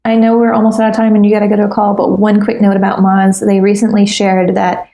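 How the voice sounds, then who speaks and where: A woman's voice: mid-range voice, monotone, quick pace, roomy sound, crowd noise. A woman guest on a podcast interview, talking earnestly and resolutely with many ums.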